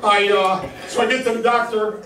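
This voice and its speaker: A man's voice: sits high, steady tone, moderate pace, a crowd in the background. An older man doing a crude, self-deprecating stand-up set on a comedy club stage. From New York. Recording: roomy live club sound from a distance. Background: laughing audience.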